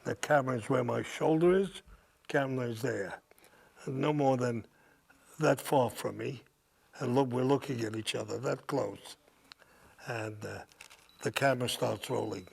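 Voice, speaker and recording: Creaky and slightly rough, an older man's medium-pitched voice unspools a rambling anecdote at an unhurried pace with long pauses, broken by his own laughter. He's a guest speaker before a live cinema audience, whose crowd noise is picked up.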